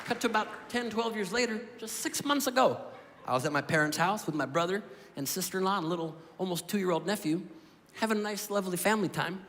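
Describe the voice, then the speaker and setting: A man doing stand-up storytelling, with a deadpan delivery and quick punchlines, on a stage mic in a club. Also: sits high. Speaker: stand-up comedian. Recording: echoey hall with crowd and noise.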